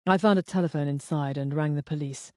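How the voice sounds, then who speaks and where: A woman reading the lines of a composed, protective husband who speaks gently and briefly. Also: fairly high pitch, brisk, no room sound, studio quality, natural voice. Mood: gentle, composed.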